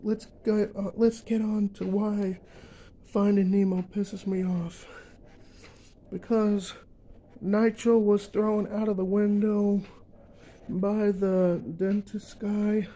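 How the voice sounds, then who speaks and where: A young man ranting in a vlog, emphatic and repetitive, filling pauses with uh and um. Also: sits high, flat delivery, dark tone, dull audio. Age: young adult. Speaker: vlogger.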